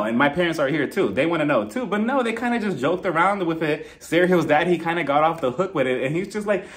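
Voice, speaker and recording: A man with a slightly high voice giving a casual reality TV recap. He is chatty and sarcastic, laughs often, and keeps slipping into impressions of the cast. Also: animated, fast, few pauses, a bit bright. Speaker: TV recap reviewer.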